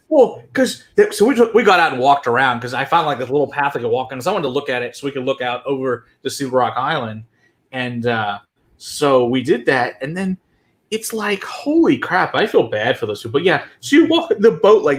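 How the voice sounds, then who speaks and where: Man, casual chat, swearing, animated storytelling, mid pitch. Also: a little fast. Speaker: whiskey show co-host.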